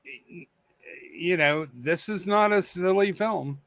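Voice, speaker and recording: A man's voice: high-pitched, slow, a bit bright, no room sound. A man co-hosting a casual film review chat, laughing easily and trailing off mid-thought.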